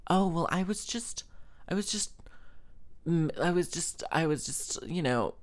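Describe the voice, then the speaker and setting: A man voicing a prim, flustered middle-aged church woman in a high, stammering falsetto. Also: expressive, a little slow.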